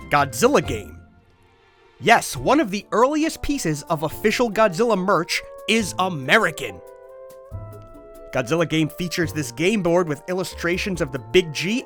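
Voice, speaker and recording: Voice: medium pitch, a bit bright. A host giving a comedic overview of toy history, with wry, exaggerated comic outbursts.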